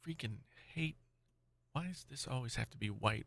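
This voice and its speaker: A man talks on a casual live tech stream, rambling and distracted as he speaks to his chat. His voice is gravelly and the sound is dry and close. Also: medium pitch, normal speed, a bit bright, no echo. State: angry.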